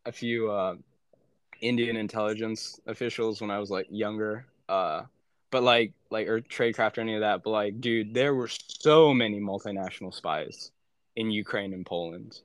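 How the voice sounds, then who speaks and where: A man's voice: fairly low pitch, moderate pace, dry recording, clean studio sound. A young man and former aid worker chatting casually as a podcast guest, rambling with many filler words and frequent swearing. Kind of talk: casual chat.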